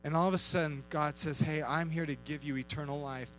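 A man preaching an energetic youth sermon, acting out quotes and shouting at times. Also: fairly high pitch, fairly quick, soft background music, poor audio. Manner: animated, acts out quotes, shouts and laughs. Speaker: youth pastor.

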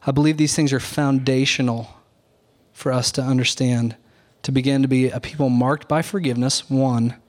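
A man, a pastor, preaching an earnest Sunday morning sermon at a measured, deliberate pace, pausing on key words. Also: medium pitch, fairly even intonation.

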